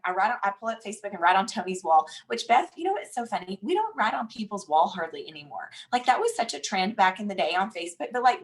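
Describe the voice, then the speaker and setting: A woman in her thirties with a Southern drawl, telling an animated, chatty motivational story as a guest speaker. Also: mid-range voice, low-quality recording. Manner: animated, chatty, says "y'all" and "like" often.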